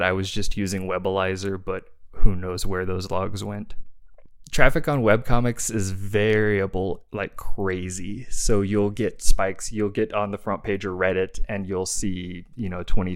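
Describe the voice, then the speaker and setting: A man with a very low, smooth, clear voice chats casually as a podcast guest. He talks in an even, level tone, relaxed and enthusiastic, dropping the odd filler. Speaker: guest, webcomic creator and developer. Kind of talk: casual interview conversation.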